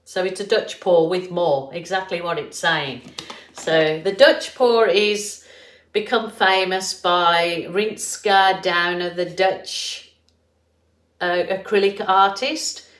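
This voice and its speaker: A middle-aged woman with an English Birmingham accent hosts a relaxed painting tutorial, chatty and rambling with plenty of fillers. Her voice sits a little low and she takes her time over every thought. The room around her rings with echo, and a faint hiss sits underneath. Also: slow. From England. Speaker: art tutorial host.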